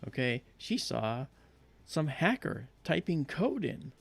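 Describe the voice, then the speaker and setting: Gravelly man telling a story animatedly. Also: takes it slowly, soft background music. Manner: animated storyteller, acts out quotes in high voices. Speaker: livestream host. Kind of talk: casual storytelling chat.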